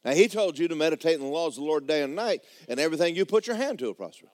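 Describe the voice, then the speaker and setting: Folksy preacher with a lively voice. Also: male voice, fairly high pitch, rapid-fire, no room sound. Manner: folksy, blunt, rising to fervent shouts. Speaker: pastor. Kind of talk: sermon. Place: church sanctuary.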